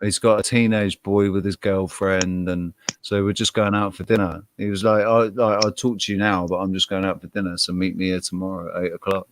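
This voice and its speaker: A man's voice: low-pitched, level tone, brisk, few pauses, a little hiss or hum. A man with a Wirral Scouse accent, chatting casually as a podcast co-host, rambling and swearing freely. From Wirral, England. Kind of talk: casual chat.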